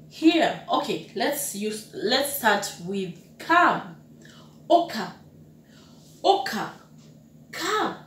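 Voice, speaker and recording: A young adult woman teaching simple words in a casual lesson, slowly and patiently repeating each word several times. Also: mid-range voice, a bit bright, far from the mic. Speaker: language teacher. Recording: echoey room, voice away from the mic, faint background noise.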